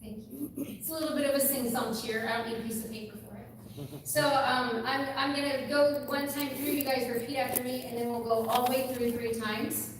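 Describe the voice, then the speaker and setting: A high-pitched woman recites a poem on stage with earnest feeling, then leads the crowd in a sing-song cheer. She sounds far from the mic, with strong echo filling a large hall. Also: fairly even intonation, fairly quick, background noise. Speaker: open mic performer. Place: large event hall with a live audience.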